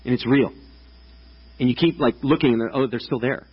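Chatty man preaching, husky voice. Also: mid-range voice, a little fast, lo-fi sound. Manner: casual, chatty preaching with many "like"s and restarts. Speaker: pastor. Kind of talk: sermon. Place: church stage before a congregation.

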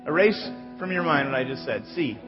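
Speaking on the high side with an animated, brisk delivery, a male pastor runs through announcements conversationally and corrects himself here and there. Music plays behind him in the echoing church sanctuary, and the audio sounds dull.

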